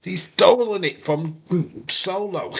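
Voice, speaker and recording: A man from the UK hosts a relaxed live watch-along and chats loosely over the show. His voice is bright and a little husky. He talks at an unhurried, drawn-out pace. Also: high voice. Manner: joking, chatty, often breaks into impressions. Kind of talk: casual live commentary over a wrestling show.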